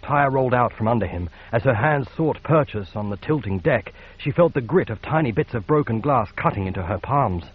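A man narrating a science fiction audiobook in a measured, steady read. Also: medium pitch, slightly rough, muffled recording. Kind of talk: scripted narration.

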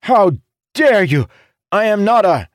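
A shrill panicking young mage. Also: male voice, very animated, normal speed, no room sound, studio quality. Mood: outraged. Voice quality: shrill, screaming.

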